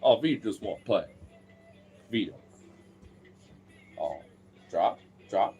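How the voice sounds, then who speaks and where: A man's voice: expressive, takes it slowly, a little mellow, husky, faint music behind. A man talking casually and playfully to his dogs in a vlog, teasing them and swearing lightly. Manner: playful, teasing, swears casually, jumps into high baby-talk pitch with the dogs.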